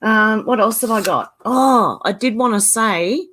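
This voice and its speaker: A woman's voice: a little high, unhurried, a bit bright. An Australian woman chats casually with her viewers at home, greeting them one by one. Her voice carries a smoker's cough, and she breaks into laughter often as she talks. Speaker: channel host. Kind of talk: casual livestream chat. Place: indoors at home, beside a filing cabinet.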